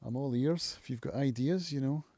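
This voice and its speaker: A man talks at home in a relaxed, unhurried live-stream monologue. He thinks aloud in a reflective, musing way and often pauses to find his words. His voice is warm and mellow, recorded close and dry. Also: mid-range voice, dry recording. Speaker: channel host, recovering alcoholic.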